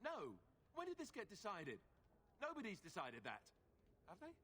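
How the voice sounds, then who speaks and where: Alistair, a flustered young warrior. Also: male voice, sits high, huge pitch swings, normal speed, fairly bright tone, exaggerated voice. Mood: startled. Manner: startled, incredulous questioning. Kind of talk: video game character dialogue.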